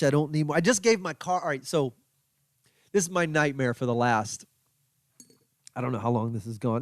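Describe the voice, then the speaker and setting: A middle-aged man, a comedian hosting his own podcast, rambling through a self-deprecating story and acting out his own past yelling. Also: medium pitch, no echo, studio quality. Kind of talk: casual storytelling monologue.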